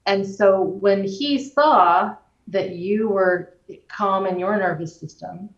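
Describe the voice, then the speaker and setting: A woman guest explaining the nervous system in a measured way, using everyday examples. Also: medium pitch. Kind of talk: explanatory conversation. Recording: roomy, distant, dull-sounding recording.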